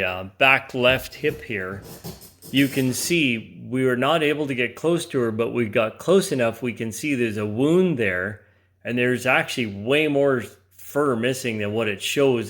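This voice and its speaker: A man's voice: medium pitch, fairly bright tone. A man co-hosting a homestead channel, explaining in a plain, casual way with some hesitation.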